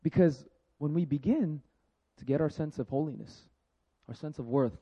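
A man's voice: fairly high pitch, normal speed, mellow, slightly rough, dull audio. A man preaching a conversational sermon, laughing often and acting out the voices he quotes. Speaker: pastor.

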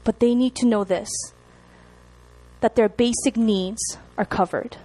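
Animated young woman preaching a sermon. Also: on the high side, a little slow, husky. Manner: animated, chatty, laughs at herself, asks the room to respond. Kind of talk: sermon to a congregation.

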